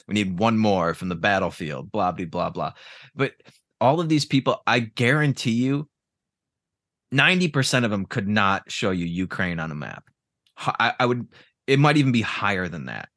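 A man's voice: on the low side, animated, moderate pace, a bit bright, dry recording, studio quality. A man in casual podcast chat, ranting with profanity and sarcasm.

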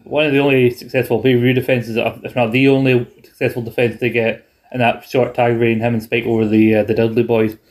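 A man's voice: medium pitch, level tone, brisk, hardly any pauses, darkish tone. A man co-hosting a wrestling podcast in casual chat, wry and acting out quotes. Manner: wry, acts out quotes, laughs along. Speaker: podcast co-host.

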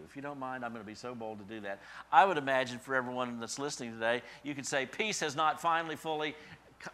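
A male pastor giving a sermon, building to loud emphatic peaks and dropping to soft, quiet endings. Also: medium pitch, slight background noise.

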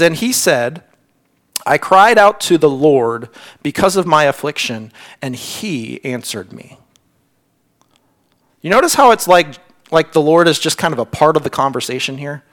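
High-voiced earnest male pastor preaching. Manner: earnest, repeats words when stressing points; drops to a hushed near-whisper on key lines. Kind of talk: sermon.

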